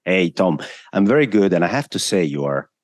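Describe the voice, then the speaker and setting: A man's voice: low voice, sing-song, moderate pace, no echo, studio quality. A man, a guest analyst explaining the economy step by step in emphatic, list-driven answers.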